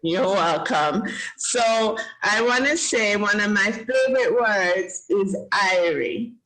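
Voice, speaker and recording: A woman's voice: mid-range voice, takes it slowly, fairly bright tone, rough recording. A Jamaican woman hosting a casual lesson for children, upbeat and encouraging, praising them often. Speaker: host teaching children. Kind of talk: casual teaching chat.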